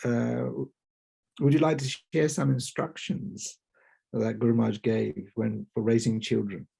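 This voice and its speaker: A man's voice: mid-range voice, fairly even intonation, unhurried, vocal fry, mellow, husky. A man moderating who reads out a question from the audience.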